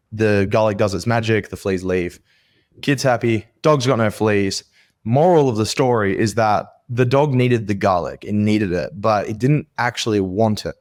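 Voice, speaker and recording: Man, fairly low pitch, rambling, filler-heavy, casual chat. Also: darkish tone. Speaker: podcast co-host.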